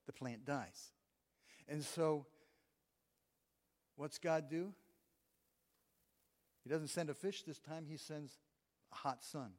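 A man's voice: fairly high pitch, a little mellow. A man preaching a sermon in a conversational way, reading scripture aloud between his own remarks. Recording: long reverb of a large hall.

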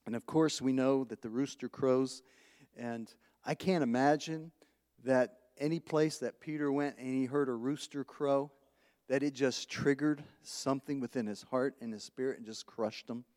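A man's voice: medium pitch, steady tone, moderate pace, a little mellow. A man preaching a conversational sermon, chuckling often, repeating words as he thinks, and asking the congregation questions. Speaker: pastor. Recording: long hall reverb.

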